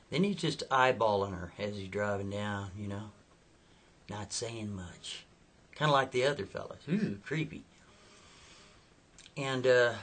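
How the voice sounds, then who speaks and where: A man's voice: lowish voice, fairly bright tone. A man telling a spooky story in a chatty, casual way, checking in with the listener. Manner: chatty, asks listeners "right?".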